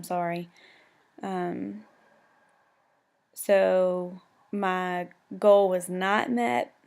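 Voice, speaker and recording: Young woman, tired, gravelly fry, flat delivery, casual tutorial, hesitant with ums. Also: mid-range voice. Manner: hesitant, lots of ums and self-corrections. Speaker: nursing student.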